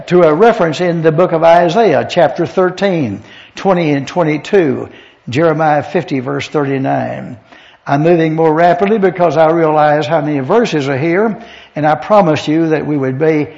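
A man teaching a verse-by-verse Bible lesson, reading Scripture aloud and explaining Greek words in a measured way. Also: a little high, gravelly, darkish tone. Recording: dull lo-fi recording.

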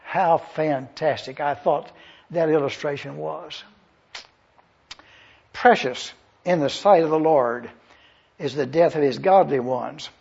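Emphatic male preacher, high-pitched and husky; lo-fi sermon tape. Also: darkish tone. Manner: emphatic, repeats key phrases, asks the audience if they follow. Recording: dull lo-fi sermon recording.

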